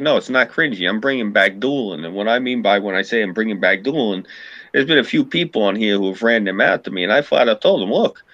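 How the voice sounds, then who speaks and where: A man's voice: fairly low pitch, a bit bright, dry recording, lo-fi sound. A man with a New York accent in a casual political chat, talking bluntly and with plenty of profanity.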